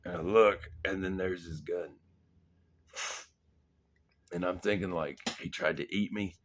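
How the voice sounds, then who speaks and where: A man's voice: low-pitched, fairly even intonation, unhurried. A young man casually telling a wild story from his army days, laughing, swearing and acting out his own panicked thoughts. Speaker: vlogger.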